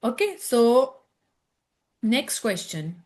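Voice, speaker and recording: A woman's voice: a little high, big pitch swings, extremely slow, darkish tone. A woman with an Indian English accent teaching French from a textbook, reading each line aloud and then translating it into English, checking in with "okay?" as she goes. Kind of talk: textbook lesson walkthrough.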